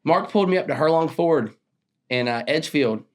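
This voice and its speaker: Fast-talking young man telling a story. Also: fairly high pitch. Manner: animated storyteller who acts out quoted dialogue, often laughing. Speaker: roofing business owner, guest. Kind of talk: casual interview storytelling.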